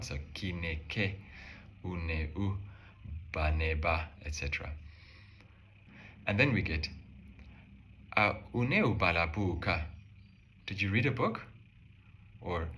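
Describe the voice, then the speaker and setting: Deep, bright-voiced man teaching a language. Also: a little hiss or hum. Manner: calm step-by-step explanation, slowing on example phrases. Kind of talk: explaining a language lesson.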